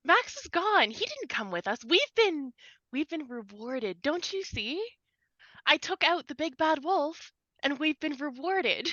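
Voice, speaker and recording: A tabletop role-play player voicing a character who speaks in a high, slow, eerie sing-song. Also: female voice, very animated, pushed and bright, no echo, lo-fi sound, full character voice. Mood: eerie giddy.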